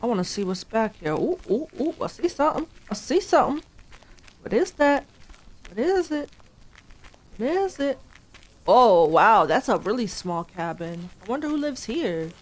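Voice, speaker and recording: A woman's voice: fairly high pitch, big pitch swings, unhurried, pauses often, rough recording. A young woman streaming a video game, chatting nervously and talking to her character as she plays. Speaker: gaming streamer. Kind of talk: let's-play commentary. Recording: game sound and engine noise behind. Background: vehicle engine noise from the game.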